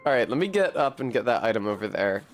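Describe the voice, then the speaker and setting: A man streaming a game in a mid-pitched voice, talking casually and wryly to his chat with plenty of swearing. Soft game music plays quietly behind him. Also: big pitch swings, fast talker. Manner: wry, profane, chatty with viewers. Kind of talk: casual gameplay commentary.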